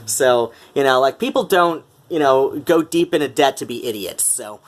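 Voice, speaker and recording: A man's voice: medium pitch, expressive, moderate pace, few pauses. A middle-aged man from Metro Detroit, speaking in a put-on Mid-Atlantic accent, talking casually to camera with many fillers and restarts. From Metro Detroit, USA. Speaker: vlogger.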